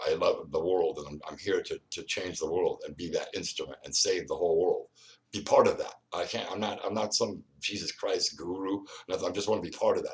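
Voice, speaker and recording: A man hosting his own video, rambling straight at the viewer and often repeating and restarting his words. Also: low-pitched. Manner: confrontational, speaks straight to the viewer. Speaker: video host. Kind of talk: solo vlog monologue.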